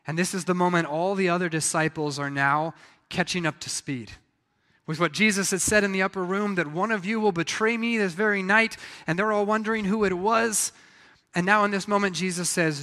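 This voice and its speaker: A man preaching a sermon, telling the story in a lively way and acting out the voices of the people in it. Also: sits high, brisk, in a large hall. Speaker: pastor.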